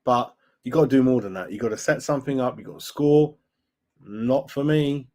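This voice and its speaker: A man's voice: medium pitch, moderate pace, a little mellow. A middle-aged man hosts a fan live stream, chatting with viewers in an opinionated way and tagging lines with "mate" and "right?". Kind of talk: casual live-stream chat reading viewer comments.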